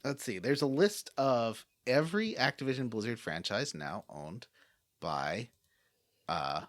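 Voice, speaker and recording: A man co-hosting a podcast, chatting in a rambling, excitable way. His pitch leaps up and down a lot, and the close mic sounds dry. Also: unhurried, dry recording. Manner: rambling, enthusiastic, restarts. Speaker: podcast co-host. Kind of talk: casual podcast chat.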